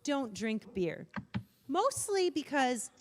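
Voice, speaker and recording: A woman's voice: high voice, sing-song, slow, long reverb tail. A Canadian woman co-hosting a casual youth group livestream, chatty and a little self-conscious.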